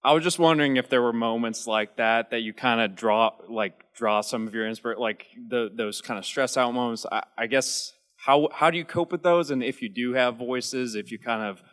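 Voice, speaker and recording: A man's voice: medium pitch, moderate pace, few pauses, fairly bright tone. A man in the audience asking a panel question, hesitant and filling gaps with um and like. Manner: hesitant, many ums and likes. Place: large convention hall. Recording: long hall reverb.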